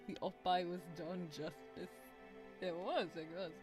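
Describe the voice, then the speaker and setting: A woman's voice: lowish voice, fairly even intonation, a little slow, darkish tone, faint music behind. A British woman streaming a story game, chatting and laughing with her chat and reading the text aloud. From Britain. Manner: chatty, giggly, talks to chat.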